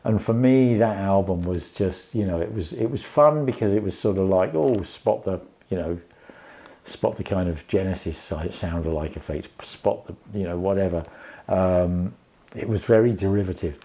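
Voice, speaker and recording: Low, mellow-voiced man reviewing a record. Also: moderate pace. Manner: rambling, many restarts and fillers. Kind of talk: casual spoken review.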